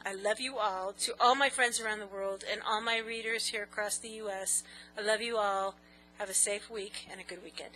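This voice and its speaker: A woman's voice: medium pitch, steady tone, normal speed, pushed and bright, a little hiss or hum, low-quality recording. A woman vlogger answering viewer questions in a giggly, rambling, self-mocking casual chat.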